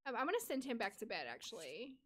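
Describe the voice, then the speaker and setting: High-pitched gal streaming a sim game, chatty, talks to chat and her sims. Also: very animated, fast talker, fairly bright tone. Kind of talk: casual chat while playing a life-sim game on a live stream.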